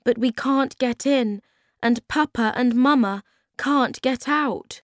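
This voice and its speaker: A woman's voice: sits high, takes it slowly, no echo, clean studio sound, voice pushed up. A woman reading aloud, voicing an eager young male creature in a raised, child-like voice.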